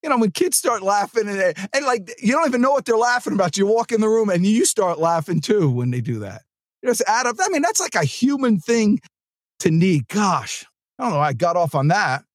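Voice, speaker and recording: Animated high-voiced sales podcast host. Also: male voice, fairly quick, no room sound, studio quality. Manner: energetic, rambling, chatty asides to the producer. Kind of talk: casual motivational monologue. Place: studio.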